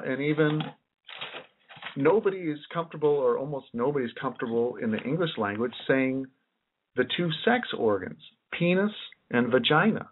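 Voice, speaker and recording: A man's voice: fairly high pitch, slightly rough. A man giving a rambling lecture as a researcher, musing aloud and often repeating and restarting his phrases. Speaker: independent researcher giving a presentation. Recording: tinny lo-fi recording.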